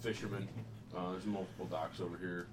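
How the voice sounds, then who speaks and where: A man's voice: sits low, flat delivery, fast. A man narrating a tabletop game as game master in a loose, rambling way, recorded from a distance. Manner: loose, rambling description with fillers. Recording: distant mic, background noise.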